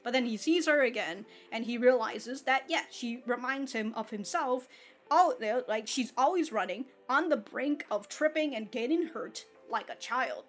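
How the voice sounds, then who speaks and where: A woman with a fairly high voice talks through an anime episode in loose, rambling commentary. She laughs often and drops casual swears as she goes. Soft music plays faintly underneath. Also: expressive, normal speed. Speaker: anime reaction channel host.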